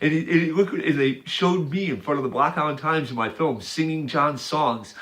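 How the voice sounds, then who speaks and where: A man's voice: on the high side, normal speed, a bit bright. A man rambling in a casual monologue, describing a picture with hesitant, repetitive restarts. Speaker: video maker.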